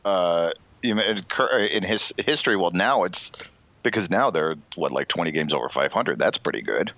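A man co-hosting a casual comedy podcast, joking and quick to laugh. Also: sits low, lively intonation, pushed and bright, no room sound, highs cut off. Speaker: podcast co-host.

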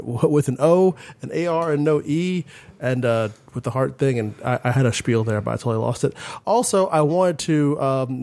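Man doing a halting podcast sign-off. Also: medium pitch, darkish tone. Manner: hesitant, many fillers. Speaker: podcast host.

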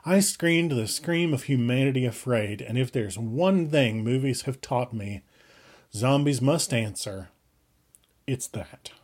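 A man reading first-person fiction aloud with brisk, urgent delivery that speeds up and slows down. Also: mid-range voice, expressive, a little mellow. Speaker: audiobook reader.

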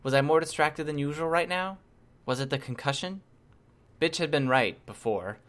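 A man narrating a first-person novel chapter in a steady, measured reading voice. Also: on the high side. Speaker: audiobook reader.

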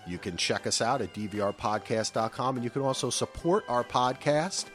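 A man in his thirties hosting a podcast, chatting casually and loosely, with animated asides. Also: medium pitch, normal speed, faint music behind. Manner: loose, rambling, breaks into animated voices for anecdotes. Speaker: podcast host.

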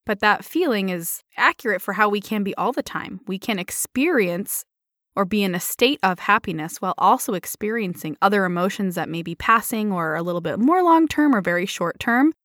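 A woman's voice: mid-range voice, expressive, brisk, fairly bright tone, no echo, clean studio sound. A woman in casual chat who speaks reflectively and adds supportive remarks.

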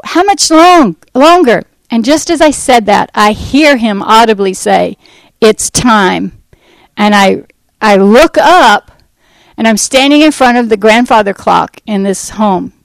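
A woman giving a personal faith testimony to a church audience, telling her story in a rambling, animated way and acting out what people said. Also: mid-range voice, unhurried, gravelly, no room sound, low-quality recording. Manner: animated storytelling that acts out quoted speech; rambling, with fillers and restarts. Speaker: Christian ministry speaker.

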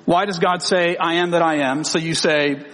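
Male preacher, voice a touch high, reads verses then explains them; long reverb tail on the recording. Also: steady tone, moderate pace, a bit bright. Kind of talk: sermon with scripture reading.

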